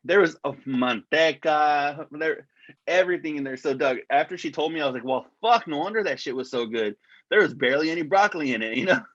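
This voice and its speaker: A man's voice: on the high side, lively intonation, brisk, fairly bright tone, dry recording, highs cut off. Profane, rambling podcast co-host man. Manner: profane, rambling storyteller, says "dog" a lot. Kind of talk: casual chat.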